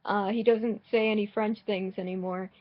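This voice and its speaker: A woman's voice: medium pitch, fairly even intonation, moderate pace, lo-fi sound. A woman giving casual, rambling commentary while playing a game, sarcastic and swearing, often restarting her sentences. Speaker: gaming vlogger.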